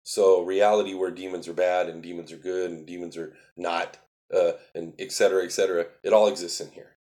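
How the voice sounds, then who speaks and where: Guy with a lowish voice on a livestream, earnest, keeps repeating himself for emphasis. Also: flat delivery, a little fast, darkish tone. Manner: earnest, repetitive, emphatic explaining. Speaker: spiritual livestream host. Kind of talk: casual livestream talk answering viewer chat.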